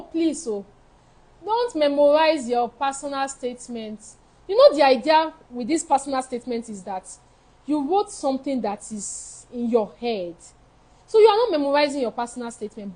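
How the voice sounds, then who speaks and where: High-pitched yet somewhat dark in tone, a woman counsels viewers on studying abroad during a live advice session, answering their questions. She's frank and emphatic, driving her main points home through repetition. The recording is low quality.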